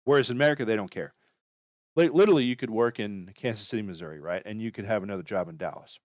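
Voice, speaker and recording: Low-voiced rambling man giving advice. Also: quick pace, no echo, clean studio sound. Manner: rambling, filler-heavy, chatty. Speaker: channel host giving career advice. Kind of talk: casual advice talk.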